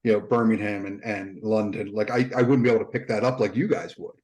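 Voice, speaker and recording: A man's voice: lowish voice, steady tone, fast talker, darkish tone, poor audio. A man, co-hosting a casual podcast. He thinks aloud, rambling and repeating words as he goes. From suburbs outside Philadelphia. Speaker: podcast co-host.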